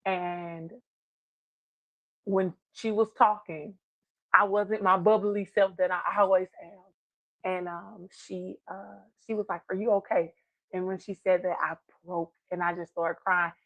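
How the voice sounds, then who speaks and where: A woman's voice: fairly low pitch, little pitch movement, slow pace, fairly bright tone, dry recording, rough recording. A woman giving a heartfelt personal testimony, earnest and encouraging as she tells a story. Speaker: guest speaker.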